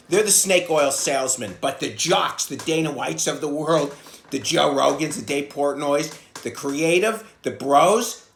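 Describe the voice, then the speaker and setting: Profane comedian ranting in echoey room. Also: male voice. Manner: profane, blunt, swings between loud outbursts and low mutters. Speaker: comedian and podcast host. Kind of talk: casual monologue rant.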